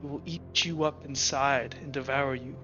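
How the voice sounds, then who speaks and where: A man voicing a stern but gentle cat-folk father who gives quiet, solemn counsel to his son in a tabletop game. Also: medium pitch, measured pace, highs cut off, over music, lightly acted.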